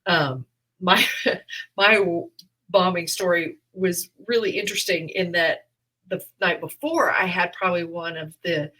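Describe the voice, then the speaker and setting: A woman comedian co-hosting a podcast tells stories in a lively, casual way. She acts out her own past reactions and laughs often. Her voice is fairly low-pitched and comes across bright and forceful. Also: unhurried, poor audio. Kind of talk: casual chat.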